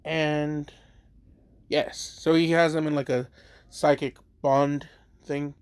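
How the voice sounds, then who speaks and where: A man's voice: a little high, little pitch movement, slow, clear, resonant tone, no echo. A man telling a fan-made story in a rambling, casual way, full of fillers and swearing.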